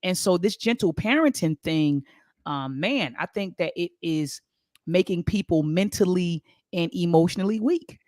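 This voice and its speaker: A man's voice: high voice, animated, measured pace, a little mellow, no room sound, studio quality. A man in his forties hosting a live-streamed talk show, speaking emphatically, repeating his points and turning often to his guest. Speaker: talk show host and professor.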